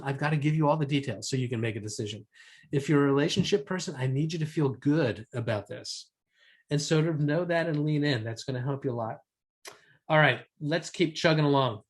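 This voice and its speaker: A man teaching a negotiation seminar to a live room, quizzing the audience and keeping a brisk, lively delivery. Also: on the high side. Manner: lively, asks the audience questions. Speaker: negotiation trainer.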